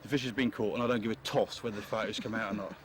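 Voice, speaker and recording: An excited angler at a lakeside at night, swearing happily, caught on an old camcorder. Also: male voice, fairly low pitch, racing. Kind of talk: excited casual chat. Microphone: camcorder on-board mic. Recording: grainy old camcorder audio with group noise.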